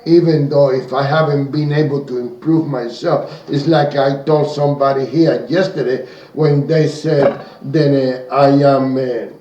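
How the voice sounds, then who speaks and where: Cuban-accented man, slow and animated. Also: medium pitch, echoey room, far from the mic, dull audio. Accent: Cuban Spanish. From Cuba. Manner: animated, speaks in broken English. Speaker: radio show co-host. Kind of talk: casual radio talk.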